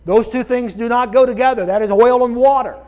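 A pastor delivers a sermon, his high, light voice somewhat mellow as he stretches out emphatic stresses and calls his listeners "folks." The audio has a dull, lo-fi quality.

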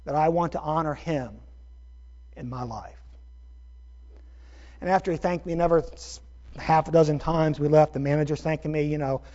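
Middle-aged man preaching, high voice, animated storytelling, dull lo-fi sound. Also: normal speed, long pauses. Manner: animated, self-deprecating storytelling with rising bursts. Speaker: pastor. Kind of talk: storytelling sermon. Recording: dull lo-fi sermon recording.

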